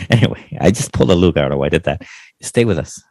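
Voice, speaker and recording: This podcast co-host talks casually about movies in a rumbling low voice with vocal fry and a darkish tone. He sounds animated and a little fast, yet laid-back, swearing easily and trailing off with fillers.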